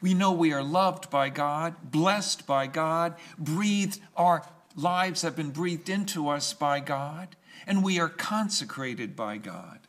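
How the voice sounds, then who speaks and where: A male pastor preaching a sermon in a slow, emphatic way, pausing and repeating key phrases. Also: on the high side, a bit bright.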